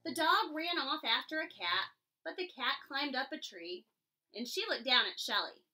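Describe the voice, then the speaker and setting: A woman reading a children's picture book aloud, giving each animal its own expressive voice. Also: high-pitched, moderate pace. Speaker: storybook reader. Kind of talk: children's story read-aloud.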